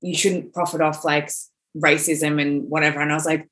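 A woman's voice: sits low, level tone, a little fast, few pauses, fairly bright tone. A woman in her thirties, a podcast guest, talking casually in a rambling way with lots of "like". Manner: rambling, frequent "like", restarts. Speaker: guest, exhibition organiser. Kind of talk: casual chat.

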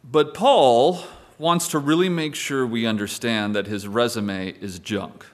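A man's voice: mid-range voice, a little slow. A male pastor preaching a sermon in a conversational way, with wry asides to the congregation.

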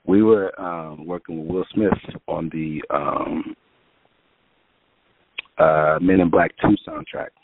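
This man's voice is very deep with vocal fry, and he takes it slowly, pausing often. As a music producer telling a casual story over a dry, tinny phone-like line, he acts out quotes and leans on fillers.

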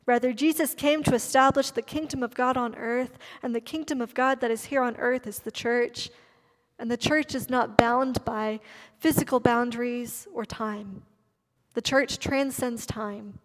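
A woman preaching a sermon, slowing down to stress key words. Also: a little high, long reverb tail. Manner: emphatic, stresses key words with slowed delivery.

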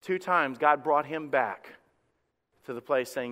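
A high, bright-voiced man preaching with passion, dropping low and quiet, then rising to a shout. He often repeats his opening words as he builds each point. His voice rings out with a long reverb through a church sanctuary. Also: measured pace. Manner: impassioned preaching, swings from hushed to loud; repeats words when starting a phrase. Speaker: pastor. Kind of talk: sermon.

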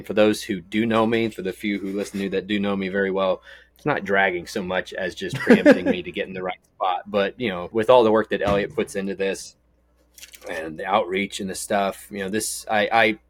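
Deep-voiced Texan man rambling on a podcast. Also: a little fast. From Texas. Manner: rambling, storytelling, jokey. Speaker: podcast co-host. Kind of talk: casual podcast chat.

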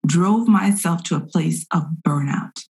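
A middle-aged woman speaking as a guest in a candid conversation, earnest and expressive, sometimes acting out her own inner thoughts. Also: lowish voice, measured pace.

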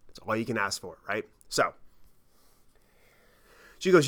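A man's voice: medium pitch, very animated, measured pace, long pauses, pushed and bright. A man hosting his podcast, telling a travel story in a casual, profane, self-mocking way. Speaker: podcast host.

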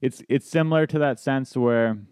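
A man's voice: medium pitch, moderate pace, a little mellow, clear, resonant tone, dry recording, studio quality. A man who is a stand-up comedian, telling a story in casual podcast chat, acting out quoted voices and swearing.

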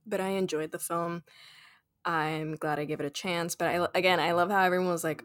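A woman's voice: lowish voice, flat delivery, fairly quick, dry recording, studio quality. A woman co-hosting a casual film review chat, playful and blunt, often laughing. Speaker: podcast co-host.

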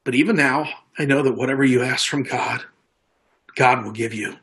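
A pastor with a mid-range, slightly bright voice preaches at a normal pace in a conversational style. He keeps restarting and repeating words, and he acts out the lines he quotes.

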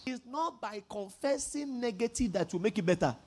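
Animated and very high-voiced, a Nigerian-accented pastor preaches emphatically at normal speed, leading the congregation in call-and-repeat lines before rising to shouts.

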